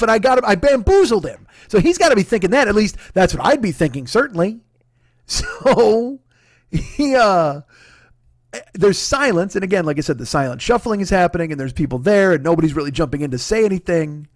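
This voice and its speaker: A man hosting his own comedy show, telling a long story in a profane, animated, self-deprecating way. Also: high-pitched, fairly quick, no room sound, studio quality. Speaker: comedian host. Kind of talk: comic storytelling monologue.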